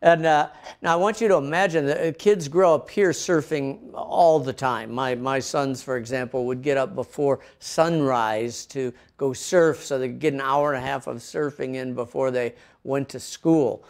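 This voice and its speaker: With a mid-range voice at a moderate pace and few pauses, a middle-aged pastor from the American Midwest preaches a sermon, leading in with a casual story full of restarts and fillers. It was recorded at his home in a coastal town for an online service.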